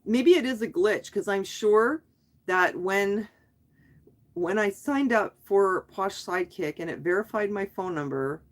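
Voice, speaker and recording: A woman's voice: medium pitch, unhurried. A middle-aged woman talking on a live stream, venting her frustration in a rambling way, with restarts and trailing sentences. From Canada. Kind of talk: casual live stream chat.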